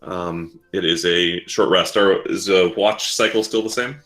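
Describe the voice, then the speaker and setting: A man narrates a tabletop game as dungeon master, stopping often with fillers. His voice is low but bright and his pace is slow. Faint music plays underneath. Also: steady tone. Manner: halting, with many fillers.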